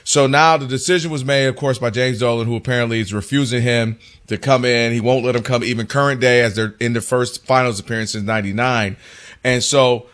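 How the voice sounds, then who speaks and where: A man co-hosting a casual sports talk show, recounting stories in a conversational, animated way. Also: mid-range voice, brisk. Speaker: co-host.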